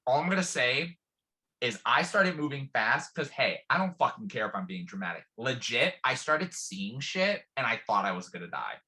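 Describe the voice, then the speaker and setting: A young man co-hosting a channel, chatting casually in an animated, dramatic way, with big vocal jumps when he quotes himself. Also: medium pitch, normal speed. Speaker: channel co-host. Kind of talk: casual storytelling chat.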